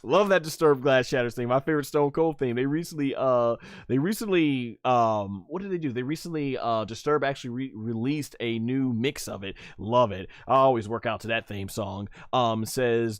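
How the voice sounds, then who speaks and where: A man's voice: medium pitch, moderate pace, hardly any pauses, clean tone, no echo, studio quality. A man hosting a casual live stream about wrestling, reading chat messages aloud and rambling with fillers.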